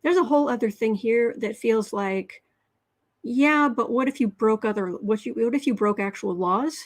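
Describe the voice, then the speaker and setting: A woman's voice: fairly high pitch, normal speed, low-quality recording. A woman hosting a casual livestream tarot reading, chatty, with frequent restarts as she reads viewer comments aloud.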